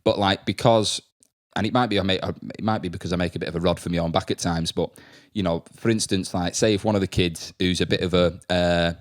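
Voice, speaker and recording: Man, young adult, low pitch, casual anecdotes, frequent laughter. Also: steady tone, brisk. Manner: laughs often, acts out kids' voices. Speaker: podcast host and school staff member. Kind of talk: casual chat, telling anecdotes.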